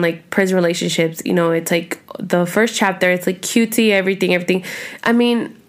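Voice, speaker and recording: Chatty young woman hosting a podcast. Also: fairly low pitch. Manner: rambling, chatty, cusses a lot. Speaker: podcast host. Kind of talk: casual chat.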